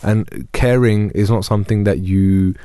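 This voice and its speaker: Earnest young imam, dark and low. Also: male voice, measured pace, smooth, no echo, studio quality. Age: young adult. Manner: earnest, retells scenes with quoted dialogue. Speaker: imam and youth worker. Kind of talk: panel discussion, storytelling.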